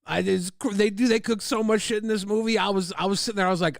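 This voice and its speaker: A male streamer talking casually over a trailer, excitable and profane, laughing at his own jokes. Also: high voice, fast talker, gravelly. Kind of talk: casual livestream commentary.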